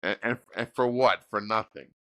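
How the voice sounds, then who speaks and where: Deep-voiced man hosting a casual chat. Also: moderate pace, pushed and bright. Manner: curious, reflective listener. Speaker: podcast host. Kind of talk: casual interview.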